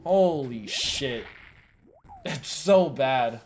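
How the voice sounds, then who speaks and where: A man's voice: mid-range voice, expressive, drawn-out words, a little hiss or hum. A man streaming live and reacting to a video in casual chat, swearing and venting with frequent "bro" and "dude". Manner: profane, exasperated outbursts; calls listeners bro and dude.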